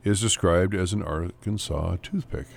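A man's voice: sits low, moderate pace, gravelly. A man hosting a morning radio show, chatting in a playful, joking way. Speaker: radio host.

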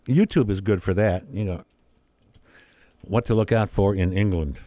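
A man's voice: low-pitched, normal speed, long pauses, dark tone, no room sound. A man in casual conversation, chatty and anecdotal, acting out little quoted exchanges as he talks. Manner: chatty storyteller, acts out quoted voices with laughs.

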